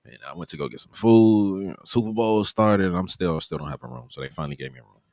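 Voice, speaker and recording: A man casually recounting his trip during a live stream, animated, acting out the people he met. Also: quick pace, gravelly, no echo, clean studio sound. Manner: animated, acts out quoted people in a higher voice. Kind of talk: casual storytelling.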